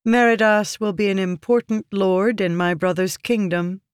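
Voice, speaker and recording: A reader voicing a stern, cold noblewoman of high birth who speaks flatly and commandingly in an audiobook. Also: moderate pace, clear, resonant tone, dry recording, clean studio sound, natural voice. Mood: composed. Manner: flat, clipped, commanding.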